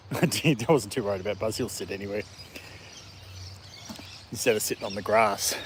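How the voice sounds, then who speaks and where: A man from a country town with an Australian accent, hosting a casual outdoor livestream with his dog. He talks in a relaxed, rambling way and chuckles often. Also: on the low side, normal speed, breathy edge. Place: outdoors in a city park in the evening.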